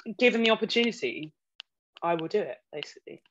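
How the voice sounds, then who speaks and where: A woman who works as an actor, a guest on a casual podcast, telling stories in an animated way and laughing often. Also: medium pitch, fast. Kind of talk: casual interview chat. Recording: slightly dull, faint noise.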